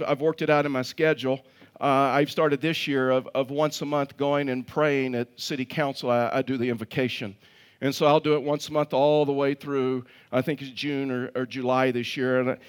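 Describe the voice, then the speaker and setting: A man preaches a sermon, telling stories to his congregation. His voice sits a little high for a man. He often repeats a word as he restarts a phrase and chuckles at his own jokes. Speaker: pastor.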